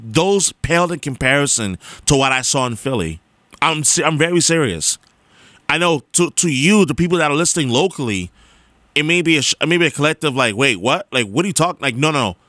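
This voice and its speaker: A man's voice: a little high, no room sound. A young man talking straight to listeners in an emphatic, repetitive monologue, like a radio host. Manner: emphatic, repetitive, animated storytelling.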